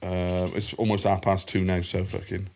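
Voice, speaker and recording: A man's voice: sits low, monotone, moderate pace, vocal fry, a little mellow, slight background noise. Rambling, swearing man. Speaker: podcast co-host. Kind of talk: casual chat.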